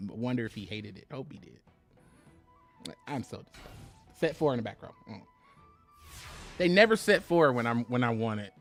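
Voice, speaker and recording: Casting: lively male streamer, animated swings in pitch, chatty and joking, faint music underneath. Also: moderate pace, creaky, pauses often. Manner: animated, laughing, chatty with chat viewers. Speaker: game streamer. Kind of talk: live gameplay commentary.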